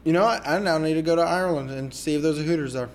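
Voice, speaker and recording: Podcast co-host, man, raised voice, swears and jokes through relaxed movie talk. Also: fairly high pitch, racing. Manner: crude, joking, swears freely. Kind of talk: casual movie chat.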